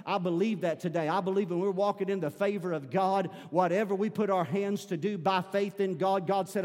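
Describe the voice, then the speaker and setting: A male pastor preaches with a notably high voice, moving between intimate asides and rising, fervent shouts. His words ring out with a long hall reverb behind them, as if he stands in a large sanctuary. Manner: preaching, swelling into loud shouting at climaxes. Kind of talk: sermon.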